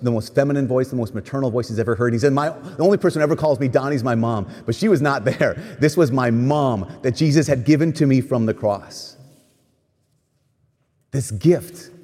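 A man preaching a sermon, retelling a story with animated quoted voices and vivid pacing. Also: mid-range voice. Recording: long hall reverb.

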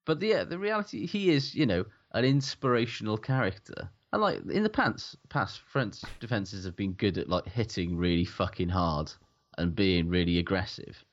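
A man's voice: on the low side, lively intonation, moderate pace, muffled recording. A man giving blunt, emphatic rugby analysis in casual, sweary podcast chat. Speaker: rugby pundit.

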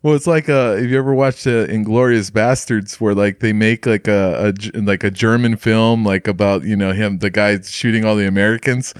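A man co-hosting a podcast in casual chat, animated and laughing often, with some swearing. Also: fairly low pitch, moderate pace, hardly any pauses, dry recording, clean studio sound. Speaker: podcast co-host.

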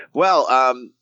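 A man's voice: medium pitch, sharp tone, dry recording, highs cut off. A man hosting a casual movie-review podcast who jokes around and rants with plenty of swearing. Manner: profane, joking rants. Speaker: podcast host.

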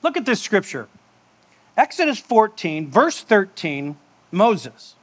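High-voiced man preaching conversationally. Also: sing-song, slow, slightly rough. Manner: conversational, joking, with asides and laughs. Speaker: pastor. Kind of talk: sermon.

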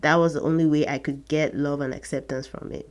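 A woman's voice: low-pitched, steady tone, brisk. A woman hosting a podcast, telling a personal story to her listeners in an earnest, reflective way with short laughs. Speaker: podcast host.

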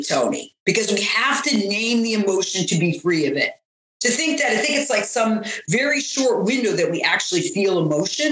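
A woman coach talking earnestly in an interview, slipping into the voices of people she quotes. Her pitch sits in the middle range. The recording has a roomy echo. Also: fairly bright tone. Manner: earnest, acts out quoted dialogue. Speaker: coach and author guest. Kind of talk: interview talk.

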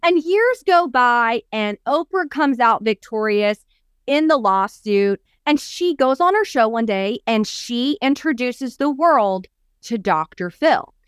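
A woman's voice: on the high side, slow, clear, resonant tone, dry recording, studio quality. A woman co-hosting a coaching podcast, telling a story expressively and acting out the quoted voices. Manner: expressive, acts out quoted voices, emphatic lists. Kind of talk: animated storytelling chat.

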